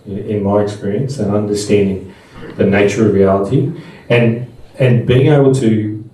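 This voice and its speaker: A middle-aged man gives a talk to a live audience, chatty and full of personal stories. His voice is low and mellow. He sounds distant from the microphone in a very echoey room. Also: steady tone, normal speed. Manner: conversational and anecdotal, with frequent restarts. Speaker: speaker at a Buddhist seminar.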